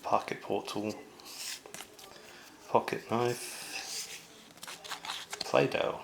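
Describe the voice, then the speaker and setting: A man's voice: on the low side, flat delivery, drawn-out words, creaky, noisy background. A man chatting casually as he unboxes a board game, rambling with lots of fillers and asides.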